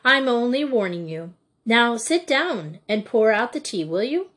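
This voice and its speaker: A woman voicing a kind but firm young headmistress and older sister, calm and gently scolding in an audiobook. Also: a little high, measured pace, pitched above the performer's own voice, heavily acted. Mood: teasing.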